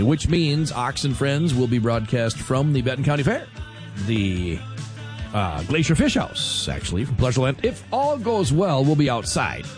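A man's voice: mid-range voice, a little mellow. A man hosting a talk radio show, chatting casually and rambling as he reads listener texts aloud.

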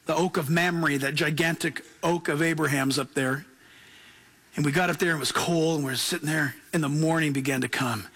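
A man preaching a sermon as pastor, telling stories with laughing, animated asides. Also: a little high, fairly quick, breathy edge.

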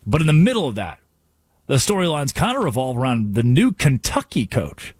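A male sports radio host delivering an animated, sarcastic rant from a studio. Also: medium pitch, a little fast, breathy edge, no room sound. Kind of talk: sports talk radio monologue.

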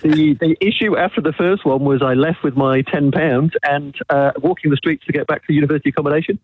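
A man's voice: on the high side, steady tone, quick pace, narrow, tinny audio, a little hiss or hum. A man in his forties from the UK calls a radio show and tells an anecdote in a dry, matter-of-fact way. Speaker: caller. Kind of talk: telling an anecdote on a phone-in.

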